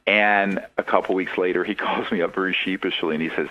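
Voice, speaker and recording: Low-voiced man telling animated stories. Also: fairly quick, few pauses. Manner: animated, acts out quoted voices, laughs often. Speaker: interview guest. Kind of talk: conversational storytelling. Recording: dull lo-fi audio.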